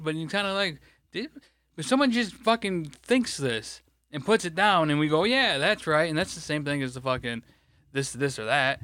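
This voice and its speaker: A man's voice: a little high, lively intonation, normal speed, fairly bright tone, no echo, studio quality. A man chatting casually on a podcast, rambling and swearing often as he vents. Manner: rambling, frustrated, swears a lot. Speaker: podcast co-host; grocery stocker. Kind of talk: casual profane chat.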